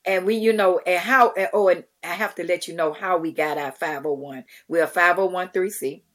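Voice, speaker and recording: Middle-aged woman, animated, conversational storytelling, frequent restarts. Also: fairly low pitch, brisk. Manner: animated, acts out quotes, many restarts. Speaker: guest, charity founder.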